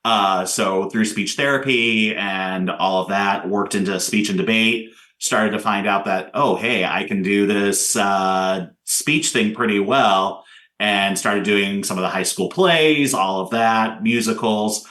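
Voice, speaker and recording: A theater director from Indiana tells his story in a relaxed, rambling way, full of ums and uhs. His voice sits fairly low, and the talk runs loose and unscripted. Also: slow. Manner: relaxed, rambling, many fillers. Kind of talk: casual interview chat.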